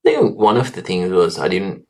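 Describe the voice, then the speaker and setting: A very deep-voiced man, a doctor in his thirties appearing as a guest, gives a long, earnest interview answer about his life. His tone is darkish, and he keeps stopping with fillers and restarting what he's saying.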